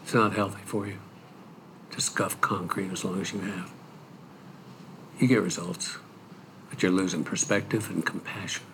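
An actor playing a stern male police superintendent who lectures in a measured way. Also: deep voice, steady tone, fairly bright tone, slight background noise. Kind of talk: film dialogue.

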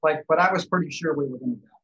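A man's voice: on the high side, racing, sharp tone. A man reflectively recounting a near-death experience in an interview, rambling a little. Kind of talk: casual storytelling. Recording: dull lo-fi recording.

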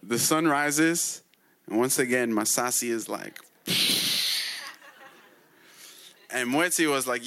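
A man's voice: mid-range voice, lively intonation, slow pace, long pauses, bright, forceful tone. A man retelling a myth in casual storytelling style, full of slang, chuckles and fillers.

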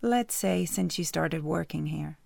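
A man's voice: on the high side, measured pace, creaky, darkish tone, no echo, full character voice. A woman narrator voicing a friendly, easygoing male soccer coach who teases lightly.

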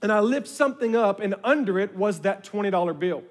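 A male pastor preaches a sermon, telling stories and animatedly drawing in his congregation. His high voice moves a little fast and carries a big-room sound.

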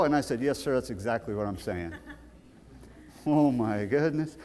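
A man preaching a sermon with emphatic, storytelling delivery that swells to loud peaks. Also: mid-range voice, expressive, normal speed, pauses often. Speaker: pastor. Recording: long hall reverb.

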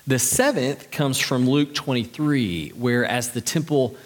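A pastor delivering a sermon in a church, earnest and conversational with light humor. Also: male voice, medium pitch, measured pace. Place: church sanctuary. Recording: long reverb of a large hall.

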